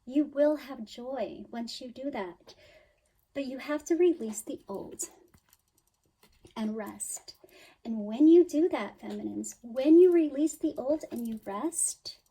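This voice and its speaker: A woman's voice: on the high side, dark tone, husky, rough recording. A woman giving a spiritual tarot reading, talking straight to her listener in an emphatic, soothing way, with sighs and quoted worries. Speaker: tarot reader.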